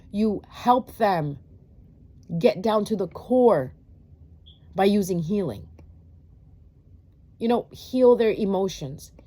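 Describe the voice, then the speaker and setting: A woman's voice: mid-range voice, dark tone. A woman giving a blunt, preachy talk to her viewers, swearing freely and firing rhetorical questions between lots of fillers. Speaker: tarot reader. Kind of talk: casual monologue to viewers.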